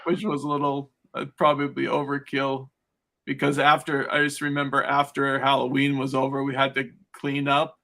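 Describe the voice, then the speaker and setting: Gravelly man rambling through a story. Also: mid-range voice, completely flat delivery, moderate pace, pushed and bright. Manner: rambling storytelling, laughs often between phrases. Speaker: podcast guest. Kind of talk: casual chat.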